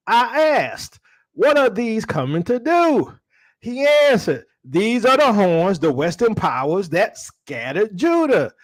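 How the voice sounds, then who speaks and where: A man preaching to his livestream audience in a casual, slangy way. He keeps asking the listeners rhetorical questions. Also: high voice. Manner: slangy, calls the audience y'all.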